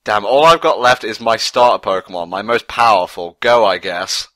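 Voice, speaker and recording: A man's voice: on the low side, moderate pace, a bit bright, no echo. A man co-hosting a casual watch-along commentary, trading dry, sarcastic quips. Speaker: commentary co-host.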